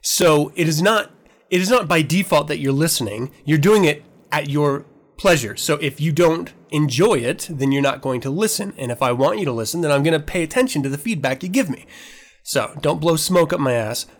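A man's voice: fairly high pitch, lively intonation, brisk. A man hosting his own podcast, talking candidly and with a lot of profanity, emotional as he relives a painful moment. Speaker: podcast host. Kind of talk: casual podcast monologue.

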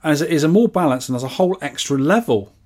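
A man's voice: fairly high pitch, lively intonation, fast, darkish tone. Guy co-hosting a podcast, reads scores out, easygoing chat. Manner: reads listener scores and comments aloud. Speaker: podcast co-host. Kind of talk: casual chat.

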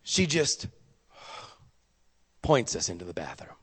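A young man doing stand-up storytelling, profane and animated, with sudden loud bursts. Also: lowish voice, takes it slowly, husky, long reverb tail. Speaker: stand-up comedian.

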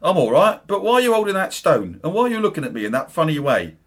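A man's voice: on the high side, very animated, fast talker, voice pushed up. A man putting on a Cockney accent to play a nervous, pleading man in a comic sketch.

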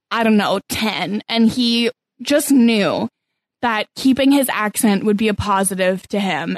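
A woman's voice: mid-range voice, no echo. A young woman from Canada, co-hosting a podcast in a wry, chatty, self-mocking tone. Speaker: podcast co-host. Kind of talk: casual chat.

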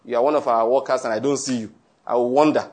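A man's voice: mid-range voice, steady tone, fast talker, a little mellow. A man preaching a sermon, reading scripture aloud and explaining it in an earnest, conversational way with asides. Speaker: pastor.

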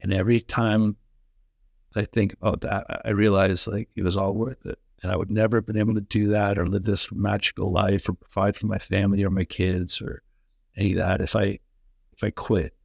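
A man's voice: fairly low pitch, a little fast, gravelly, no room sound, studio quality. A man in his forties, a former hockey player and coach, telling personal stories with enthusiasm and frequent "like"s. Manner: enthusiastic, animated, says "like" often. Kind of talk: energetic storytelling in conversation.

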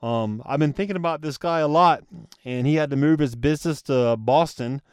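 A man's voice: a little high, moderate pace, clear, resonant tone, dry recording, clean studio sound. A man hosting a solo motivational podcast, talking earnestly and casually to his listeners and calling them guys. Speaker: podcast host.

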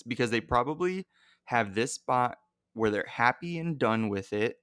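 A man co-hosts a relaxed podcast chat with a smooth, resonant voice at an ordinary pitch. He rambles and runs his sentences together, full of filler words. The sound is dry and close to the mic. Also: measured pace, no room sound. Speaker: podcast co-host. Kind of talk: casual chat.

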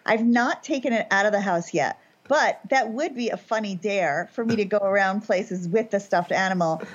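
A woman in her forties co-hosting a local talk show, playful and self-mocking with quick asides. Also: medium pitch. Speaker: podcast co-host. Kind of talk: casual chat. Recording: slightly dull lo-fi audio.

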